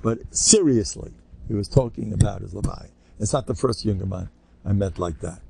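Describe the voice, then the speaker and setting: An older man, a rabbi, telling stories to a live audience in an animated, joking way, acting out the people he quotes and mixing in Hebrew and Yiddish terms. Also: on the low side, normal speed, vocal fry, slight background noise. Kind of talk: storytelling talk to a live audience.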